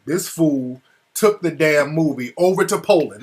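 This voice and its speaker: A man with a husky, slightly high voice tells a story in loose, casual talk. He swears freely and grows heated and animated as he goes. The call audio drops out now and then. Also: normal speed. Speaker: interview guest. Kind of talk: casual phone-style conversation.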